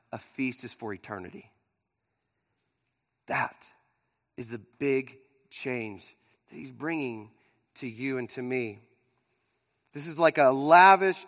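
A man with a high voice preaches a sermon in a church sanctuary. He drives some lines hard and drops others to a near hush. Long reverb hangs behind his words. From Pittsburgh area. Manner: dynamic preaching, swings from loud emphasis to near-quiet. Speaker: pastor.

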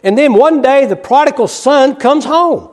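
A male preacher with a high voice delivers a sermon in a church sanctuary with a long, ringing reverb. He swings from loud, rapid bursts of emphasis to hushed, slow passages. He drives each point home by repeating it. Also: expressive. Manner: repeats key phrases for emphasis. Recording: long reverb of a large hall.

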